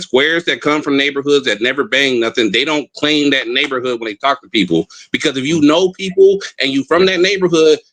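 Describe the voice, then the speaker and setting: A man's voice: a little high, fairly bright tone, dry recording, rough recording. A man from Southern California with a local accent, chatting casually on a call-in show and rambling with lots of repeated words. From Inland Empire, Southern California. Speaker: caller.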